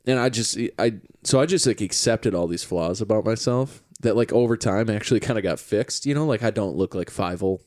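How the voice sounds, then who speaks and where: Young male podcaster, low voice, crude and self-deprecating humor, dry close mic. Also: brisk, few pauses, darkish tone, no echo. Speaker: podcast co-host. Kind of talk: casual chat.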